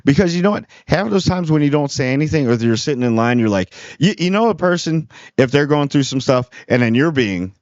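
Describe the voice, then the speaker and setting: A man's voice: on the high side, expressive, a little fast, hardly any pauses, darkish tone, dry recording. Earnest rambling man on a dull recording. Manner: earnest, preachy, rambling with many restarts. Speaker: small YouTube channel host. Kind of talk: casual unscripted monologue.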